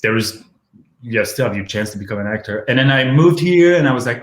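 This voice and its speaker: A man around thirty speaks with a French accent in a loose, candid interview, laughing easily between his answers. His voice sits at an ordinary pitch and carries the echo of a roomy home kitchen. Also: fairly quick, fairly bright tone. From France. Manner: laughs often, candid and joking. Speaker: guest. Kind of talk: casual interview chat.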